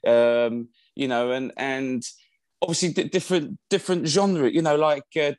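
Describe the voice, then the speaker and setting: A man's voice: medium pitch, normal speed, darkish tone, no echo. A man, a musical theatre actor, chatting casually as an interview guest, rambling with lots of fillers and restarts.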